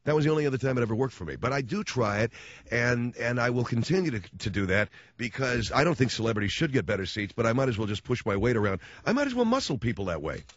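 A man hosting a radio show spins a sarcastic, rambling anecdote, breaking off and restarting his sentences as the jokes come. His voice leaps up and down in pitch as he works himself up. The sound is dry and close, slightly muffled like lo-fi broadcast audio. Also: quick pace, no echo. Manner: animated, sarcastic storytelling with frequent restarts. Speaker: radio host. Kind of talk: comic monologue rant.

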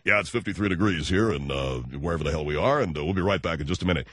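A man puts on a corny radio announcer who drops his voice low and croons the weather and the break. The delivery sounds forced and smarmy. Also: quick pace, fairly bright tone, no room sound. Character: male radio announcer faking a deep voice.

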